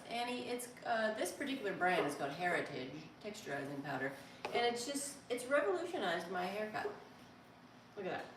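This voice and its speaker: A woman's voice: on the high side, fairly bright tone, a little hiss or hum. A woman hosting a casual live stream, chatting playfully and reacting to viewer comments as she reads them. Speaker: live streamer reading chat. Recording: echoey room, distant mic, faint ambience.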